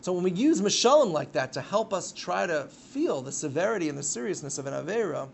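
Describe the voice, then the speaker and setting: A man giving a live religious lecture to a class, telling stories with sudden loud bursts. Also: high voice, big pitch swings, fairly quick, vocal fry, a little hiss or hum. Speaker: Torah teacher.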